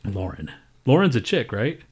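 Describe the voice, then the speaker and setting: A man co-hosting a podcast, talking in loud, profane, ranting casual banter. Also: lowish voice, expressive, moderate pace. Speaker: podcast co-host.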